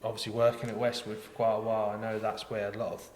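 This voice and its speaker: Rambling low-voiced man in an echoey room. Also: completely flat delivery, quick pace, darkish tone, slight background noise. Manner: rambling storyteller, many fillers and restarts. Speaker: podcast co-host, tackle shop worker. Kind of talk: casual chat. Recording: echoey room with long reverb.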